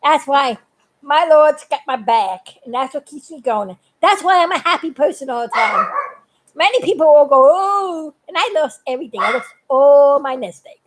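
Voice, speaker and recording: A woman's voice: high-pitched, expressive, moderate pace, a little hiss or hum, low-quality recording. An older woman chatting on a live video, talkative and earnest, laughing often as she gives warnings. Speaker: vlogger. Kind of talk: casual live video chat.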